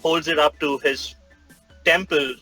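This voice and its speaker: A man's voice: fairly high pitch, fairly even intonation, unhurried, bright, forceful tone, faint music behind, poor audio. A man narrating his character's actions in a tabletop game, rambling with many fillers. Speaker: player.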